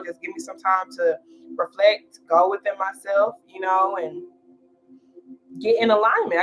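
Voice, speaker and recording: A woman's voice: mid-range voice, a bit bright, lo-fi sound. Chatty young woman tarot reader. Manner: chatty, loose, slangy, many fillers. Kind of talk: casual livestream chat.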